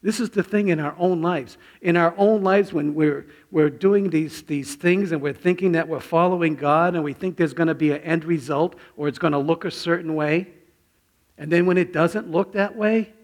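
A middle-aged male pastor tells a personal story from the pulpit. His voice sits a little high for a man, and he drops to a hush for quotes and reflection, then breaks out loud on key phrases. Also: normal speed. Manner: storytelling, sudden swings from hushed to loud. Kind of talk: sermon.

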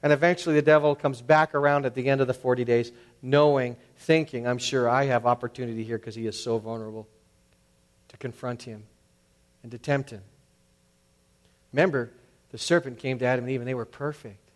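A man's voice: mid-range voice, steady tone, a little fast, pauses often. A middle-aged man preaching as a pastor in a conversational, storytelling manner, sometimes acting out quoted voices. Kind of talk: sermon.

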